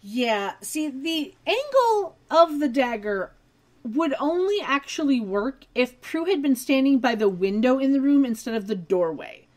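A woman's voice: high voice, very animated, unhurried. Casual woman recapping a TV episode. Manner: detailed, nitpicking, agreeable. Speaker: podcast co-host.

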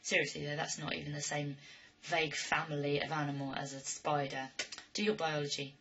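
A woman's voice: sits low, flat delivery, a little fast, fairly bright tone, a little hiss or hum. A young woman, chatting casually to camera and reading a word list with dry, self-mocking humor. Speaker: vlogger. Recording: dull lo-fi webcam audio.

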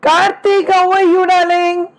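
An Indian woman who teaches biology online greets her students in a live class, chatty, affectionate and teasing. Her high voice keeps a level tone at an unhurried pace, and her throat is strained from many lectures.

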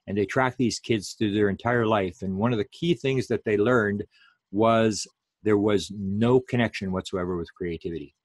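A man's voice: on the low side, normal speed, no room sound. A man giving a public lecture in a rambling way, full of fillers and restarts.

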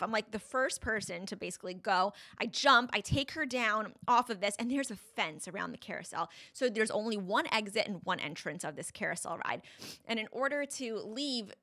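A woman's voice: medium pitch, animated, normal speed, sharp tone. A young woman, a podcast guest, retelling a frightening personal story in a breathless, vivid way full of "like"s.

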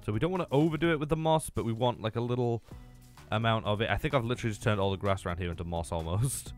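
A young man giving playful, excitable commentary on his Minecraft game, taunting the mobs and laughing often. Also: lowish voice, quick pace, soft background music. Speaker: gaming YouTuber. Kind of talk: Minecraft let's-play commentary.

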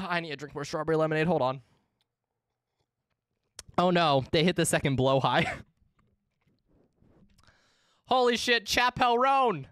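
A woman in her twenties, chatting casually and excitably with viewers while streaming a game, swearing freely. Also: deep voice, no echo, studio quality. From United States. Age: 20s. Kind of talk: casual live-stream chat.

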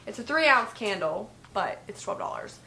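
A woman's voice: mid-range voice, sing-song, normal speed, pushed and bright, slight background noise. A young woman in her twenties chatting casually in a gift-guide vlog from her bedroom, saying "like" a lot. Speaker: vlogger. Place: bedroom at home. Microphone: vlog camera.

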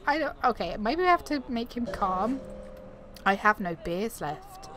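A gaming YouTuber gives casual let's-play commentary, chatting to herself and exclaiming as she plays over game audio. Her voice is on the high side, sing-song and a little slow, recorded on a desktop USB mic against a noisy background.

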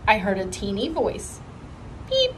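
A woman's voice: fairly high pitch, measured pace, slight background noise, low-quality recording. Woman reading a children's book aloud. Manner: expressive storytelling. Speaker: reader.

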